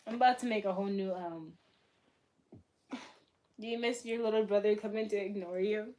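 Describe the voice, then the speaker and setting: A young woman from Boston chatting casually on a livestream, answering her chat in a blunt, profane way that swings between loud bursts and soft asides. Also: mid-range voice, fairly even intonation, moderate pace. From Boston, USA. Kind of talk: casual live-stream chat.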